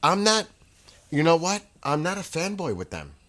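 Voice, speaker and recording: A man hosting a casual livestream from home, telling rambling, excitable stories and laughing as he goes. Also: on the high side, normal speed. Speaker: livestream host. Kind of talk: casual chat.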